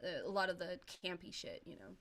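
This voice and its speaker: Animated middle-aged woman telling a story. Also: lowish voice, quick pace. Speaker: podcast panelist. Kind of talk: roundtable film discussion.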